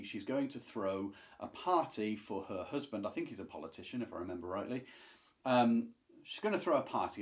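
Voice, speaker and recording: A man reviewing classic books to camera in a casual, enthusiastic, chatty way, with asides and restarts. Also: lowish voice. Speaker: book reviewer.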